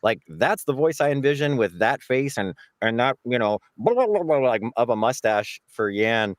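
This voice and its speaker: A man's voice: medium pitch, moderate pace, no echo, clean studio sound. A man voice actor answering panel questions, rambling and restarting often as he searches for words. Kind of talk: convention panel Q&A.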